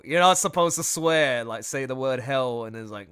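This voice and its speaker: A man streaming live and chatting casually, excitable, laughing often and trailing off mid-sentence. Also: medium pitch, moderate pace, clear, resonant tone. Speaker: streamer and artist. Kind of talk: casual livestream chat.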